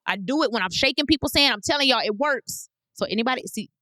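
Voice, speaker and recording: A woman's voice: on the high side, animated, fast talker, pushed and bright, dry recording. A woman in her thirties hosting a podcast, giving blunt, emphatic advice in a casual monologue and repeating phrases for weight. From United States. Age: 30s. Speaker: podcast host.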